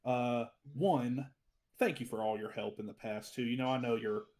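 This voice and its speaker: Give me a player, a man on a video call who speaks in character with lots of fillers and restarts, at an ordinary pitch. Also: fairly even intonation, moderate pace, darkish tone. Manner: rambling, hesitant, with many fillers. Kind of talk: in-character tabletop play.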